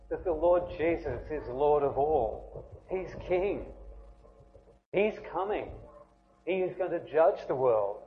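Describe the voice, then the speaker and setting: A man's voice: a little high, animated, unhurried, long pauses. A man preaching a conversational sermon who keeps asking his listeners questions. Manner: conversational, asks the congregation questions. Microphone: writes on a board while preaching. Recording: tinny phone-like band, faint noise.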